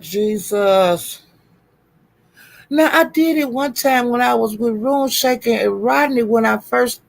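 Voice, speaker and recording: A woman's voice: fairly high pitch, gravelly. A woman hosting a live stream who is frantic and flustered, swearing, laughing and calling out to viewers for help. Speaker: livestream host.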